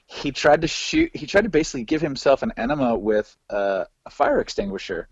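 A man telling road stories as a podcast guest, animated, laughing and swearing freely. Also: mid-range voice, brisk, husky, no echo. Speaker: podcast guest, former band hypeman. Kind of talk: casual storytelling interview. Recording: dull lo-fi dry recording.

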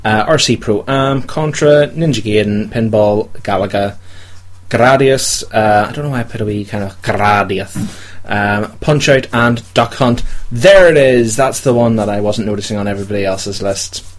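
A man's voice: lowish voice, normal speed. A man hosting a casual podcast chat, rambling and hesitant with many ums while reading a list. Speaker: podcast host.

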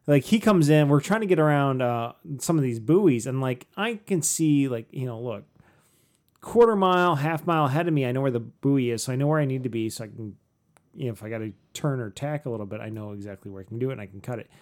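A middle-aged man, co-host of a podcast, telling a story casually, animated and self-mocking, with frequent swearing. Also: medium pitch, quick pace.

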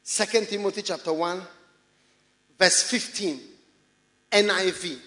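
A man with a Ghanaian English accent preaching a sermon in a church, animated and often laughing as he mimics people's excuses. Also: high-pitched, unhurried, long pauses. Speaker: pastor. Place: large church hall.

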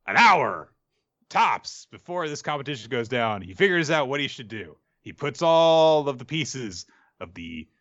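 A man's voice: medium pitch, a bit bright, dry recording. A man hosting a podcast, recapping a story in a chatty way with joking asides. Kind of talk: casual manga recap. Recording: dull lo-fi recording.

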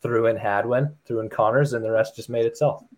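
A man's voice: mid-range voice, steady tone, brisk, darkish tone, slight background noise. A man co-hosting a podcast, chatting casually with sarcastic jokes, swearing and laughing often. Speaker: podcast co-host. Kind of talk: casual banter.

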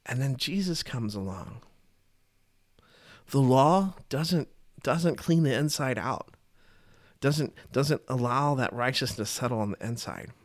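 A man's voice: medium pitch, lively intonation, unhurried, long pauses. A man giving a casual, earnest Bible teaching, talking conversationally and often repeating and restarting his phrases.

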